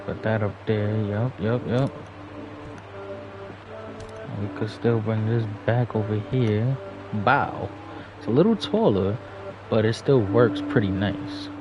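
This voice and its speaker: A man's voice: on the low side, slow pace, long pauses, dull audio, music in the background. New man, profane casual storytelling. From New York. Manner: loose, profane, chuckling storyteller. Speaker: livestreamer. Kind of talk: casual storytelling while gaming.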